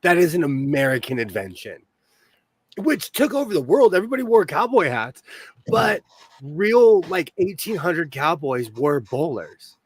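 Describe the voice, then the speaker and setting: Male host, casual rambler, laughs a lot, high voice, dry close sound. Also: big pitch swings, a little slow, breathy edge, no echo. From California. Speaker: podcast host. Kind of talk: casual chat.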